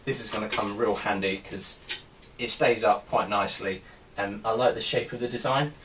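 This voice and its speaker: A man with a fairly low voice talks through his collection in a relaxed show-and-tell way. He hesitates often, filling gaps with ums and starting phrases over. The mic sits a little away from him, with a faint hiss of noise underneath. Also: moderate pace, distant mic. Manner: hesitant, many ums and restarts. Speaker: artist showing his helmet collection. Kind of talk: casual show-and-tell vlog.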